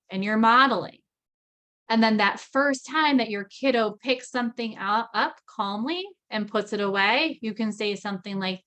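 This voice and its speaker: A woman in her thirties giving a parenting training talk, chatty, with frequent "right?" checks, acting out parent and child lines in a lively voice. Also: medium pitch, normal speed. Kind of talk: recorded training lecture.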